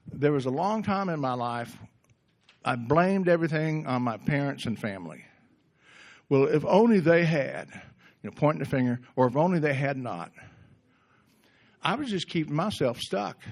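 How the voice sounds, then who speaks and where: A middle-aged man giving a gentle, reflective recovery workshop talk in a conversational way, often restarting his sentences. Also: a little high. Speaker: workshop speaker.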